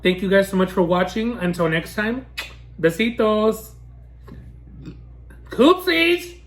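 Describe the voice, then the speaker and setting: A woman food vlogger chats casually to camera in a mukbang vlog, ranting in a sassy way and laughing often. Her mid-range voice has lively intonation, and she speaks slowly.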